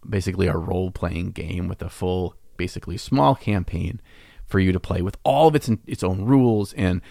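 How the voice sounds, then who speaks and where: A man's voice: deep voice, normal speed, creaky, mellow, no room sound, studio quality. A man co-hosting a podcast, chatting casually in a playful, teasing way and laughing often. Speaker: podcast co-host.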